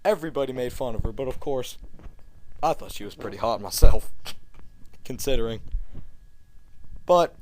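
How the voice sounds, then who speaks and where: A young man telling a comedic story in a cocky, deadpan bragging manner. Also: fairly high pitch, moderate pace, pauses often. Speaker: comedic vlogger.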